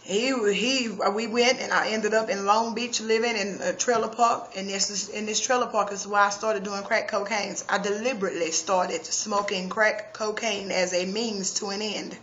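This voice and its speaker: A woman's voice: medium pitch, steady tone, normal speed, few pauses, fairly bright tone, lo-fi sound, slight background noise. A woman giving a personal testimony, earnest and emphatic, often restarting her sentences.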